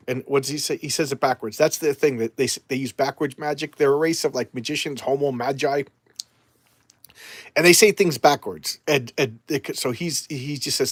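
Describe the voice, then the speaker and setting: A man's voice: medium pitch, moderate pace, slightly rough, no echo. A man chatting casually and enthusiastically as a comics vlogger, rambling with restarts. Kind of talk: casual chat.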